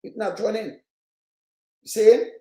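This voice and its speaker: High-voiced Jamaican man ranting. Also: takes it slowly, warm tone, roomy sound. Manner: repetitive, emphatic, patois-heavy. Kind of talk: impassioned ranting commentary.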